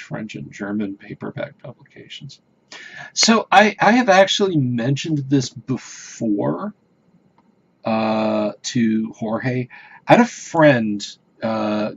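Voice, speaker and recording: A man hosts a casual livestream, rambling hesitantly to viewers with lots of fillers and restarts. His voice is mid-range and husky, captured in dull, lo-fi stream audio.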